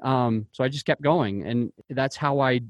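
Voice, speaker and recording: A man's voice: mid-range voice, unhurried, dry recording, muffled recording. A man who invests in real estate, telling personal stories in an interview in an earnest way, often restarting his sentences. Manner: earnest, with frequent restarts and fillers.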